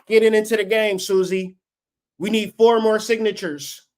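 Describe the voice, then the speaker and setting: This late-thirties man is hosting a livestream and launches into an unscripted rant, profane, fired-up and preachy. His voice is high-pitched, smooth and darkish, with a steady tone and a moderate pace.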